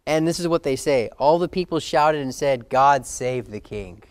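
A man's voice: a little high, measured pace, clean tone, dry recording. Man preaching in a dry, close sound. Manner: conversational preaching, acts out quoted voices, chuckles often. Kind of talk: sermon.

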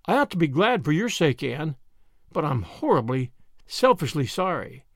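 A man's voice: on the high side, very animated, normal speed, no echo, studio quality. A man reading aloud as a wistful, romantic middle-aged woman who talks in a sighing, dramatic way in an audiobook.

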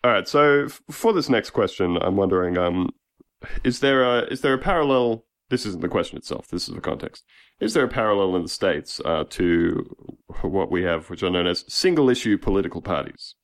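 Brief: low-voiced podcast host, relaxed, a little halting. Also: male voice. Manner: relaxed, hesitant when setting up questions. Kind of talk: casual chat.

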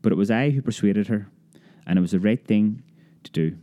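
A man reading a childhood memoir aloud as an audiobook, lively storytelling that raises his pitch for a child's cries. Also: a little fast. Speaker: narrator.

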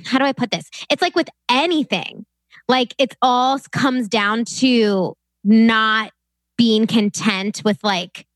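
Young woman cohosting a podcast, kinda high pitched, chatty, laughs a lot. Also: no room sound. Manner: chatty, laughs often, sudden fast bursts. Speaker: podcast co-host. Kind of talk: casual chat.

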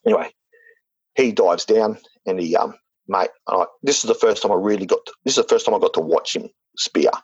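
A man's voice: fairly low pitch, lively intonation, fairly quick, slightly rough, dry recording, lo-fi sound. A man telling a story in casual talk, rambling with lots of fillers and restarts. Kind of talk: casual spoken anecdote.

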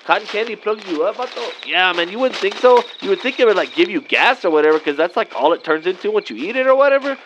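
High-voiced guy in his 30s, lazy slacker drawl, goofy sketch comedy, muffled lo-fi audio, faint crickets outside at night. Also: expressive, fast talker, few pauses, fairly bright tone, a little hiss or hum. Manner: laid-back slacker drawl, saying "man" and "vato" constantly. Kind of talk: improvised character comedy sketch.

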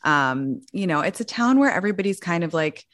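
A young woman in casual conversation as a podcast co-host, chatty and full of fillers, often trailing off softly. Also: lowish voice, animated, a little fast, no echo, studio quality. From grew up in London. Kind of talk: casual chat.

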